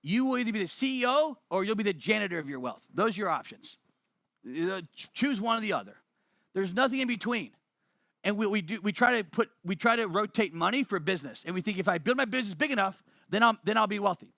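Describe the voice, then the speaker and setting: An emphatic man leads an online seminar, repeating his main points and speaking straight to the audience in the chat. His voice sits high and bright, with a gravelly edge and a dry, close sound. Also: animated, quick pace, dry recording. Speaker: webinar presenter. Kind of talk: motivational webinar talk.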